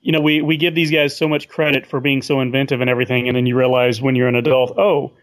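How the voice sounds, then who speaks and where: A man's voice: medium pitch, flat delivery, fast, dry recording. A man talking as a guest on a casual film podcast, thoughtful and a little hesitant, repeating words as he thinks.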